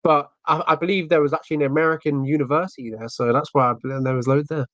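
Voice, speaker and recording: A man's voice: fairly high pitch, steady tone, very fast, a bit bright, no echo, muffled recording. A man from England with a southern English accent, chatting casually as a podcast guest in a rambling way with many fillers.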